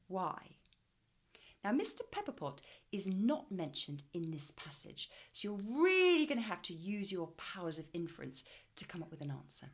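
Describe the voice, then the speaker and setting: A woman reading tutor with a low, husky voice that swings up and down as she reads. She leads an expressive reading lesson, asking questions in a teacherly way. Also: normal speed.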